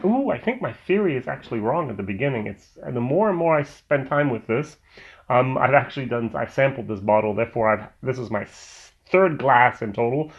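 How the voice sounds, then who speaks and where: A man's voice: medium pitch, expressive, fairly quick. Rambling man reviewing whiskey, dull audio. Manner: rambling, full of "um" and restarts. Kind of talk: casual review vlog.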